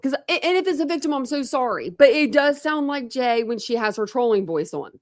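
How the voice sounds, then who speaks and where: A woman's voice: high voice, expressive, fairly quick, no room sound, clean studio sound. A woman hosting a true crime livestream, chatting casually with viewers and thinking aloud with many restarts. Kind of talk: casual chat with live viewers.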